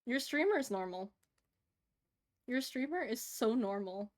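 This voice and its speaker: Woman in her 30s on stream, kinda high voice, lots of giggling, gets all squealy over cute stuff. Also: animated, a little slow, a little mellow. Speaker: livestreamer. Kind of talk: casual stream chatter while drawing.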